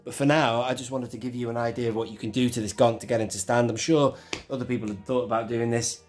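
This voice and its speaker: This man runs a toy collector channel and speaks quickly in a steady, medium-pitched voice while faint music plays behind him. His hands-on toy tutorial is chatty and meandering, full of self-corrections.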